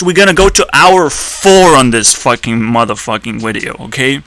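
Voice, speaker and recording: A man ranting on a video channel, swearing a lot and breaking into sudden high-pitched outbursts. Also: animated, normal speed, hardly any pauses, a bit bright, dry recording, rough recording. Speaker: YouTuber. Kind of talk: ranting commentary.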